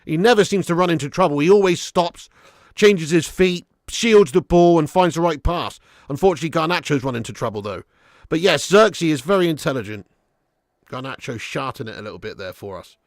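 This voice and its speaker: A man hosting a live football watch-along, excitable, yelling at the referee one moment and muttering the next, and chatting with his viewers. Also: a little fast, dry recording, clean studio sound. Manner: excitable, yells at the referee, then drops to low muttering; swears and chats with live viewers. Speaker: fan channel host.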